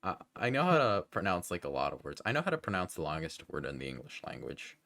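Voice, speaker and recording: A man with a very low, deep voice hosts a loose livestream interview. He is laid-back, swears freely and trips over his own words as he asks questions. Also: wildly swooping pitch, quick pace, fairly bright tone, no echo. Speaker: streamer host interviewing a guest. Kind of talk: casual livestream interview chat.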